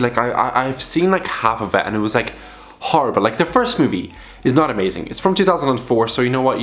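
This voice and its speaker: A young man chatting casually to camera, rambling and swearing freely as he talks about old horror films. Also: medium pitch. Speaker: video creator reviewing films. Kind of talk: casual vlog commentary.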